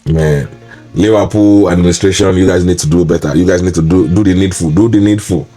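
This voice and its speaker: A man's voice: low-pitched, a little fast, warm tone, soft background music. A man hosting a solo football preview, ranting in an exasperated, repetitive way. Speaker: football pundit and show host. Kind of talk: solo match preview commentary.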